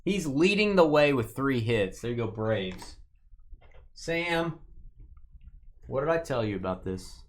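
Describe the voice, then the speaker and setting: A man's voice: medium pitch, animated, takes it slowly, long pauses. A man hosting a live sports card break, reading out hits and teasing viewers by name in a joking, casual way.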